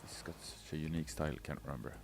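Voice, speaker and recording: A man streaming, casually reading viewer messages aloud in a loud, playful, chatty way. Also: very deep voice, level tone, racing, very noisy. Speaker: game community streamer. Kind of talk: casual livestream chat.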